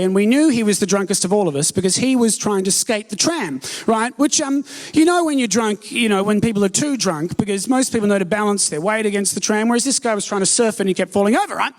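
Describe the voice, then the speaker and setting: A young man telling a story in a live stand-up set, stammering restarts and laughing through punchlines. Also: high-pitched. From Canberra, Australia. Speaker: stand-up comedian. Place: theatre stage before an audience.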